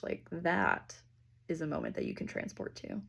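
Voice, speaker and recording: Gravelly husky woman giving a reading. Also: sits low, wildly swooping pitch. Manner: loose and chatty, with fillers and casual swearing; slows down and softens into near-whispers. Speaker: intuitive reader. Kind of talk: casual spiritual reading with guided breathing.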